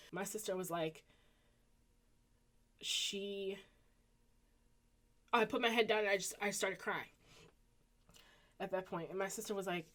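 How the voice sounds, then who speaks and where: A woman in her thirties with a Southern US accent, telling a personal story casually to her viewers and acting out the people in it. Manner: animated, acts out quoted voices with pitch jumps. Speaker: vlogger.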